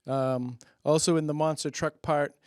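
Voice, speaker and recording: A man's voice: on the high side, steady tone, moderate pace, darkish tone, dry recording. Rambling, self-mocking comedy host, man. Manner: self-deprecating, laughs at own jokes, checks if jokes land; loose, rambling, many fillers. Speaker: host of a public-access comedy show. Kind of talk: rambling comic monologue.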